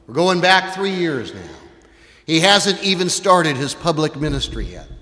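A man preaching a sermon, retelling a story with animated, dramatic delivery. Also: a little high, unhurried. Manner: animated storytelling, acts out voices, rises to shouts. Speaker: pastor. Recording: long reverb in a large hall.

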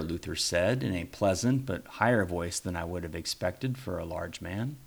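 A man's voice: deep voice, normal speed, creaky, few pauses, slightly rough. A man, a pastor, reading his own first-person story aloud in a reflective, wry way.

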